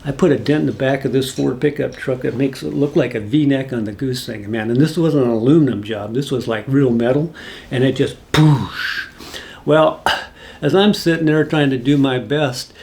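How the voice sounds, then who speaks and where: Gravelly-voiced man telling a folksy story. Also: medium pitch, moderate pace, darkish tone. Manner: rambling, folksy storytelling with asides. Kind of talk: casual spoken anecdote.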